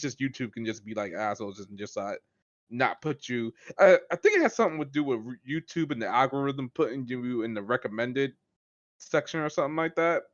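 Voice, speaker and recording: Easygoing man on dull-sounding audio. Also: medium pitch. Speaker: game video creator. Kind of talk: casual podcast chat.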